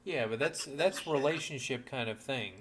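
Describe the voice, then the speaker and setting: A man's voice: medium pitch, moderate pace, fairly bright tone, a little hiss or hum. Laid-back man chatting in short remarks. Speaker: podcast co-host. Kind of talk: casual chat.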